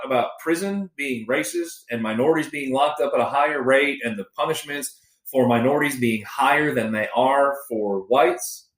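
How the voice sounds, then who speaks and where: A man's voice: fairly high pitch, roomy sound, low-quality recording. A Texan man co-hosting a podcast, ranting about politics with lots of swearing and stumbling restarts. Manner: animated, profane, many restarts. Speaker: podcast co-host. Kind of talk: casual political rant.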